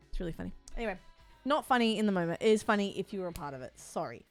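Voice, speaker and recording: A woman's voice: on the low side, fast talker, darkish tone, soft background music. A woman streamer chatting casually while she plays, rambling and frank, swearing freely with lots of fillers. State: sore body.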